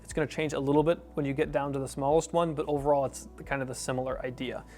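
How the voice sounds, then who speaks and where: A man's voice: medium pitch, very fast, faint music behind. A man giving a casual, rambling gear review, with fillers and self-corrections as he shows bags. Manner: relaxed, rambling, with fillers and restarts.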